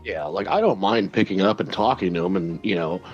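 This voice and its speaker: A man's voice: deep voice, brisk, a little mellow, lo-fi sound, soft background music. A man co-hosting a gaming live stream, talking casually in a laid-back, blunt way. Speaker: stream co-host.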